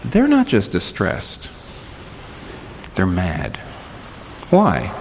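A male pastor delivering an animated sermon, his pitch rising and falling widely as he acts out the people he quotes. His voice carries a long reverb from a large hall. Faint background noise sits under it. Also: very slow, gravelly. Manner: animated preaching, voices quoted speakers with sharp pitch swings.

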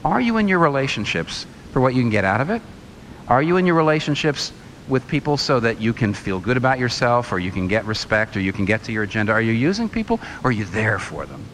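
A man's voice: medium pitch, very animated, quick pace, fairly bright tone, slight background noise, rough recording. A man preaching a sermon, firing rhetorical questions and telling a story.

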